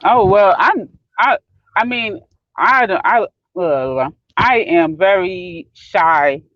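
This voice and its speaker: A woman from Brooklyn on a live talk panel, expressive and acting out her quotes in casual chat. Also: mid-range voice, slow pace, lo-fi sound. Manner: expressive, acts out quotes, laughs easily.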